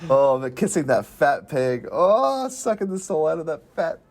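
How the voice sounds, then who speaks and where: A man with a slightly higher voice than most hosts a relaxed movie review chat with friends. He talks animatedly, laughing often and acting out quotes from the film in quick bursts. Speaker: podcast host.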